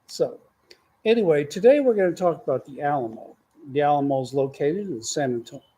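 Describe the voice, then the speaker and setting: Folksy older man, mellow voice. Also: fairly high pitch, lively intonation, a little fast, breathy edge. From Texas. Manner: rambling, folksy, meandering. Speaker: grandfather podcast host. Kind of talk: casual storytelling chat.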